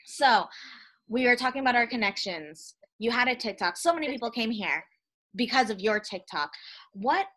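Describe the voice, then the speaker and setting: A woman's voice: a little high, animated, normal speed, fairly bright tone. A young woman co-hosting a podcast, chatting casually, laughing often and acting out quotes. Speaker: podcast co-host. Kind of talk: casual chat.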